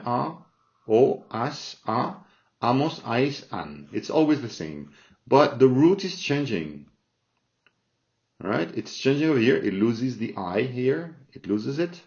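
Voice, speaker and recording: Slow man teaching grammar, lo-fi sound. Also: medium pitch, a little mellow. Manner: slow, repeats forms, checks in with "all right?". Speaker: Spanish teacher. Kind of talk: explaining grammar from a chart. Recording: dull lo-fi sound.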